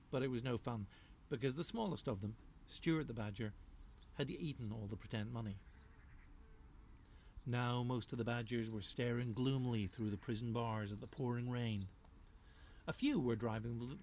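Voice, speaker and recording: A children's author, a man, reading his storybook aloud in a lively, rhythmic, playful way. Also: mid-range voice, a little hiss or hum. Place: home.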